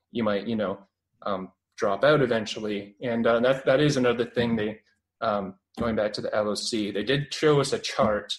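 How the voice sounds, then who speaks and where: A man's voice: on the low side, rough recording. A man in his twenties with a Canadian accent, a guest in a casual radio interview, rambling and full of fillers and restarts. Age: 20s.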